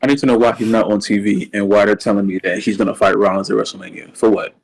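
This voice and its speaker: A man co-hosting a podcast in casual wrestling chat. He has a slight lisp and rambles excitedly, repeating words when worked up. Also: lowish voice, fast, creaky, low-quality recording. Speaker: podcast co-host.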